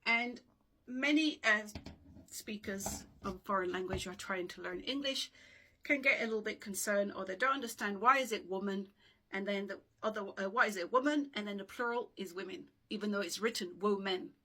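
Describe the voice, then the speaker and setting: Bright, husky-voiced woman explaining pronunciation. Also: mid-range voice, fairly quick. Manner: explains patiently, with frequent checks like "okay?" and "yeah?". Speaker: dictionary collector teaching pronunciation. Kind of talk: casual video lesson. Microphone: no microphone, voice drifts from the camera. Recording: room sound, voice sometimes far from the mic.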